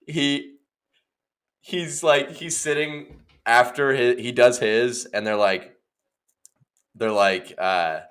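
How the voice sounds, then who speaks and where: A young man co-hosting a casual comedy podcast, riffing on imagined scenes and slipping into quick put-on voices. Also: mid-range voice, a bit bright, clean tone. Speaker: podcast co-host.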